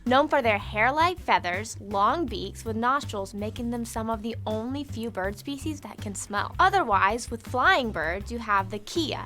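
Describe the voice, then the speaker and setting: A woman reading a scripted narration with a crisp, informative delivery. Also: on the high side, lively intonation, a little slow, few pauses, a bit bright. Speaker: guest narrator.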